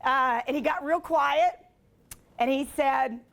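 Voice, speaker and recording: A woman's voice: high-pitched, slow, vocal fry, fairly bright tone. A woman giving a motivational talk, telling stories in a chatty way with lots of fillers and self-deprecating humor. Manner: chatty, filler-heavy with frequent "like". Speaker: motivational speaker and sportscaster.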